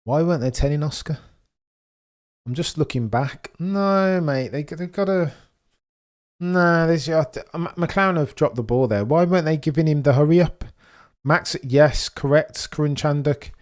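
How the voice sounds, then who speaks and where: A young man hosting a live race watch-along stream, chatting with viewers and reacting excitedly as the race unfolds. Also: on the high side, moderate pace. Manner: excitable, chatty, reads chat messages, swings from muttering to excited shouting.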